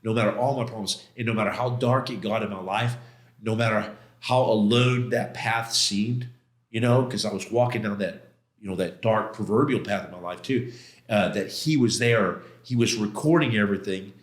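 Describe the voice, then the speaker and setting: A man's voice: lowish voice, normal speed. A middle-aged man telling a personal story as a podcast guest, with intense, emotional retelling, casual slang, and many quoted exchanges and restarts. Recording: roomy echo.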